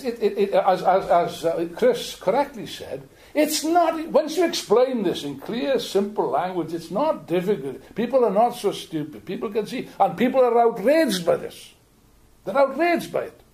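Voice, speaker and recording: An older man from Wales with a Welsh accent, giving an animated, joking political speech to an audience in a meeting room. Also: high-pitched. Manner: animated, jokey, repeats words while building points. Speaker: political speaker.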